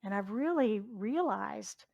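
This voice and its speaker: A woman's voice: mid-range voice, animated, takes it slowly, gravelly, darkish tone, muffled recording. A middle-aged woman from Southwest Virginia, preaching a chatty sermon as a reverend and asking the congregation questions. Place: church sanctuary.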